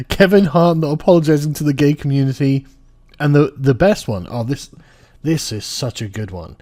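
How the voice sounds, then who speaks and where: A man's voice: fairly high pitch, normal speed, warm tone. A man giving casual political commentary, profane and sarcastic, often laughing. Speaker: commentary vlogger. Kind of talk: casual political commentary reacting to clips and articles.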